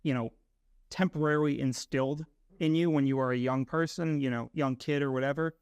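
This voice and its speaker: A man's voice: medium pitch, steady tone, a little fast, a little mellow, clear, resonant tone, no echo. A young man from Massachusetts co-hosts a casual podcast in a mid-range voice, thinking aloud and checking in with "right?" and "you know". The sound is close and dry, with no room around it. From Massachusetts, USA. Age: young adult. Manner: reflective, uses fillers like "right?" and "you know". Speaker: podcast co-host.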